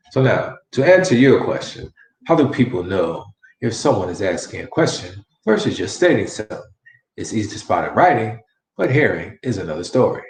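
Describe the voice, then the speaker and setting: A man with a somewhat low voice teaches a casual language lesson, repeating example sentences and encouraging the learner. His voice rings in an echoey room. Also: darkish tone. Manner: repeats phrases and models question inflection, encouraging. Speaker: Spanish teacher.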